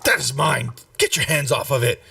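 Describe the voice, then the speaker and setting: A game master voicing an indignant older gentleman who shouts for the guards after his jewels go missing. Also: mid-range voice, lively intonation, normal speed, gravelly, no room sound, distant mic, exaggerated voice. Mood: curt. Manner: shouting, accusing. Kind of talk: tabletop role-play voice.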